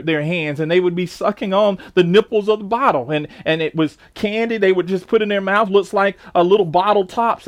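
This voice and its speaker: A man preaching a sermon fervently, often restarting with repeated words. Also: sits high.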